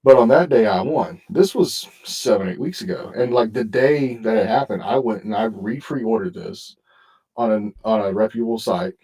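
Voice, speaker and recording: A man's voice: lowish voice, moderate pace, warm tone, husky, recorded from a distance, poor audio. A man hosting a podcast, telling a story in casual chat and swearing constantly. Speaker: podcast host.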